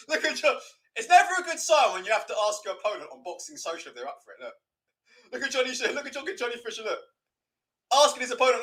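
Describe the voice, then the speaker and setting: A young man hosts a live boxing watch-along, mocking and sweary. His voice sits high and swings widely in pitch. It has a bright, sharp edge. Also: sing-song, quick pace. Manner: sweary, mocking, laughs a lot. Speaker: livestream host.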